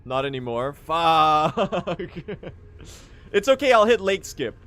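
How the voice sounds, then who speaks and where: A man's voice: a little high, sing-song, slow, fairly bright tone. A young man streaming a speedrun, chatting casually and joking as he answers his chat.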